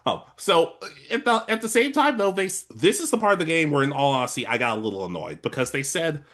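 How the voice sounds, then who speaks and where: A man co-hosting a casual review podcast, ranting in an exasperated, animated way. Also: a little high, fast talker. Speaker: podcast co-host.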